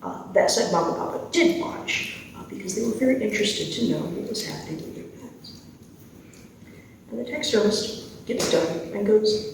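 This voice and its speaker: A man telling a playful story at camp in a casual, animated storytelling way, with asides to his listeners. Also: sits high, brisk, creaky. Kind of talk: campfire storytelling. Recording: echoey, distant, faint background noise.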